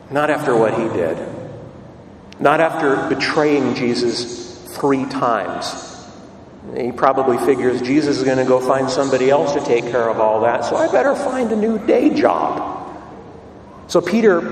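A man's voice: a little high, darkish tone, a little hiss or hum. Man preaching in an echoey church. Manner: dramatic storytelling with rhetorical questions. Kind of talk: sermon. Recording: echoey hall, distant mic, faint ambience.

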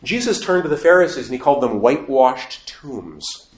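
Animated man lecturing a class. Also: mid-range voice, normal speed. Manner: animated, emphatic, asks the audience questions. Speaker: teacher of a faith class. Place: room before a live audience. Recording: echoey room.

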